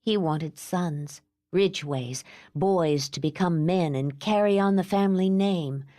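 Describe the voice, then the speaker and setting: A woman voicing a calm, gentle young mother who is numb inside, talking in a quiet, steady, measured way. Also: fairly low pitch, no room sound, clean studio sound.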